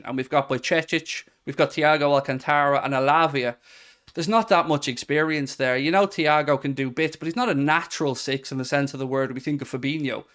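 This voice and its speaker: A man's voice: on the high side, fairly bright tone, clear, resonant tone. A man in his thirties hosting a live football stream, chatting candidly and reading out viewer comments in a self-mocking way. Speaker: football podcast host.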